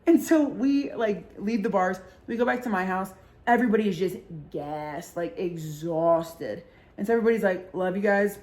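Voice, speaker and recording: A woman's voice: medium pitch, brisk, a little mellow. A young woman hosting a podcast, telling a story in a casual, chatty way, swearing often and filling her sentences with "like". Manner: chatty and profane, many filler likes. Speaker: podcast host.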